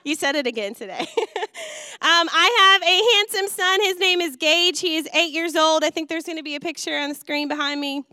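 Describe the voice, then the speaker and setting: A woman youth and missions pastor giving a sermon in a church, telling a lively story with acted quotes. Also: very high-pitched, brisk, few pauses, no echo, studio quality. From Wisconsin. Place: church auditorium.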